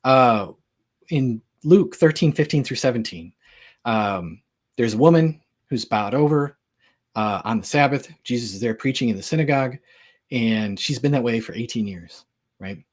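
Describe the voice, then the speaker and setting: Male speaker, husky edge, relaxed lecture style, chatty and joking, lots of fillers. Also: medium pitch, moderate pace. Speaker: Christian apologetics speaker. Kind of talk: casual lecture.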